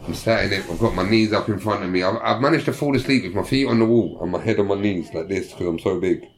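A man's voice: lowish voice, quick pace, a little hiss or hum. A young man telling prison stories in casual slang, swearing and acting out the people he quotes. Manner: profane, animated, acts out quoted voices. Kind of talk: casual storytelling.

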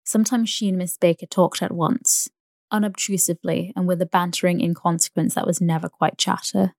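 A woman narrating a bedtime sleep story in a soft, even, unhurried reading. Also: on the low side, gravelly, no room sound, clean studio sound.

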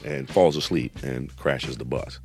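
A middle-aged man casually telling a story, animated and slangy, acting out quotes. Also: extremely low pitch, unhurried, vocal fry, faint music behind.

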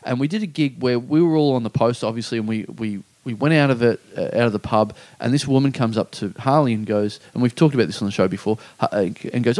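A man's voice: medium pitch, fast talker, hardly any pauses, a little mellow, no room sound. A man co-hosting a comedy podcast, telling an anecdote and acting out other people's lines. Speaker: podcast co-host. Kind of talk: casual comedy podcast chat.

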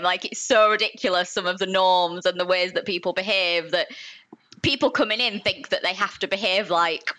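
A woman with a softened Yorkshire accent, giving opinions in casual podcast talk. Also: fairly low pitch.

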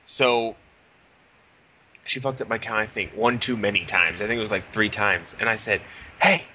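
A young man hosting a casual podcast, telling profane, animated stories with quoted dialogue. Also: on the low side, normal speed, muffled recording, slight background noise. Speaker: podcast host.

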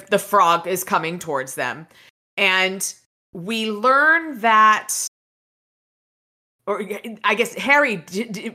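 A woman's voice: medium pitch, bright, forceful tone. A woman podcast host casually retelling a novel's chapters, rambling with fillers and restarts. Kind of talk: casual book recap.

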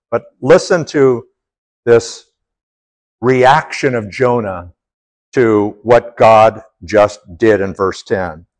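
A man teaching a Bible passage as a sermon, retelling the story with animated storytelling and acting out the quotes. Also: medium pitch, low-quality recording. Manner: animated storytelling, voicing the prophet and God in quotes.

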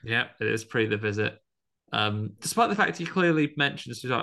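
Gravelly, bright-voiced man recapping a film. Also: mid-range voice, lively intonation, fairly quick. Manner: chatty, acts out quoted lines with bursts of voices. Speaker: podcast co-host. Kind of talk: casual chat recapping a film.

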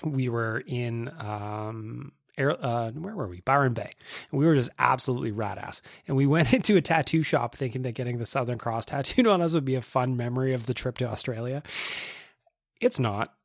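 A man's voice: mid-range voice, moderate pace, gravelly, dry recording, studio quality. A man hosting a podcast, chatting in a candid, confessional way with plenty of swearing. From Canada. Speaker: podcast host. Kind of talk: casual podcast chat.

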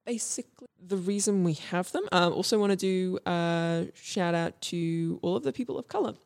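A woman's voice: lowish voice, moderate pace, gravelly, a little mellow. A young woman co-hosting a casual history podcast, talking with many ums and restarts. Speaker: podcast co-host presenting history.

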